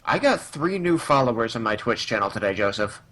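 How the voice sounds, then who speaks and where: Husky, wisecracking man on a podcast. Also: medium pitch, very animated, brisk, pushed and bright. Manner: wisecracking, playful. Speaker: podcast co-host. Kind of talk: casual chat.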